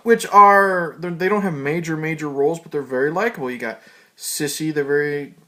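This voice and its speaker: A man giving a casual, rambling movie review, swearing freely and filling pauses with ums. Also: a little high, sharp tone. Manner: loose, profane, rambling with fillers.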